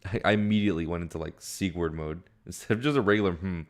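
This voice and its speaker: A man's voice: deep voice, fast talker. Rambling young man reading a webcomic. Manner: rambling, amused, self-interrupting. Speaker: webcomic reader. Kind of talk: casual read-along with commentary.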